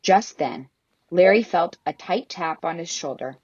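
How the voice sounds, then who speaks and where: A woman's voice: deep voice, animated, normal speed, darkish tone, husky, no echo, muffled recording. A woman reading a children's story aloud expressively.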